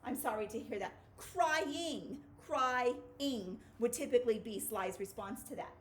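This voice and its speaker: Woman, phonics teacher, high voice, playful, upbeat, kids' video lesson. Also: a little slow, slight background noise.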